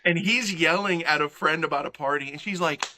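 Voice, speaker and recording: Bright, high-voiced animated man. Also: a little hiss or hum. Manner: animated, mimics characters in quick asides. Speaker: podcast guest. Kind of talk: casual comedic movie review chat.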